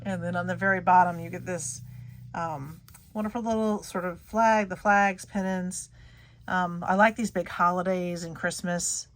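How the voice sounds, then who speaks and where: A middle-aged woman talks casually through a haul of scrapbook paper, gushing over each sheet. Her voice sits a little low, and she often trails off mid-sentence and starts again. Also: steady tone, normal speed. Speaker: scrapbooking channel host. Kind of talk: casual show-and-tell chat.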